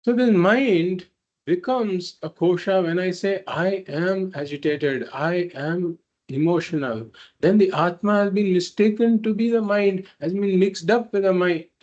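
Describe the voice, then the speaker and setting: A man's voice: high voice, moderate pace, darkish tone, muffled recording. A man teaching a spiritual philosophy class, explaining patiently and repeating points through simple examples. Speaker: Vedanta teacher.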